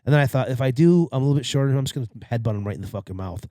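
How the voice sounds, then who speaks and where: A man rattles through a story at a quick clip, swearing freely and acting out every quoted line with gusto. The sound is close and dry, with no room around it. He talks like a podcast co-host chatting with friends. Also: medium pitch, dark tone, no room sound. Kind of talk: casual storytelling chat.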